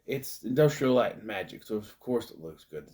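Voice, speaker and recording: A man recapping a movie in a loose, casual way, often slipping into quick put-on voices to act out the scenes. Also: on the low side, expressive, a little mellow. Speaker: movie reviewer.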